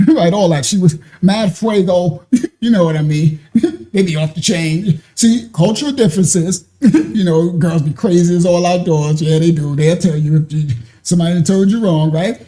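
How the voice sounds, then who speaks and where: Man spinning a story, keeps laughing, high-ish mellow voice. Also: normal speed. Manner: animated, laughs often, acts out quoted voices. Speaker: show host telling a personal story. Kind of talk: casual storytelling.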